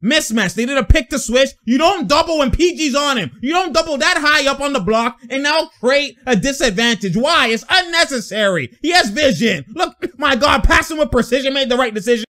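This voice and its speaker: A man with a high, very lively voice breaks down game film as host of his own show. His tone is bright and sharp. He talks in slangy, exasperated bursts full of exclamations. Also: fairly quick, hardly any pauses. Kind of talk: sports film breakdown commentary.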